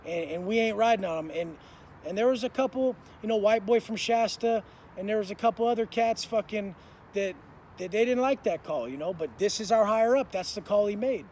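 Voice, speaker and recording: Man, high-pitched voice, intense street-slang storytelling, heavy swearing, outdoors in a city, faint traffic noise. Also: fairly quick, darkish tone. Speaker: motivational speaker. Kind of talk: storytelling monologue.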